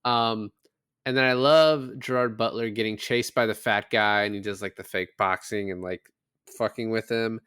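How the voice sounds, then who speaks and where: A man's voice: fairly low pitch, fairly even intonation, moderate pace, a bit bright, clean tone, dry recording, studio quality. A man co-hosting a podcast, casually recapping a film and swearing freely as he talks. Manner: loose, swears freely, acts out quotes from the film. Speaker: podcast co-host.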